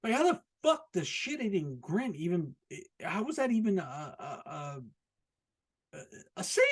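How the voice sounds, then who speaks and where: An American man talks through a loose, rambling podcast rant with a husky, slightly raspy voice. His pitch sits a bit high and swings widely as he keeps getting more incredulous. He swears freely and is quick to laugh at his own jokes. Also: big pitch swings. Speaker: podcast host. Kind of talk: casual solo podcast rant. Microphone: podcast microphone, also filmed.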